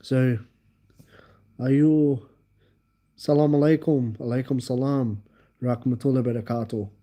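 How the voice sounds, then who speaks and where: A man hosting a livestream, telling a rambling story in an excitable way and talking directly to his viewers. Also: medium pitch, measured pace. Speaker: livestream host.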